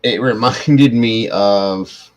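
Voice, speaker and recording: Deep-voiced, tired, swearing livestream host. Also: male voice, extremely slow, poor audio. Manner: rambling, profane storytelling. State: tired after hours of streaming. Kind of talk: late-night casual livestream chat.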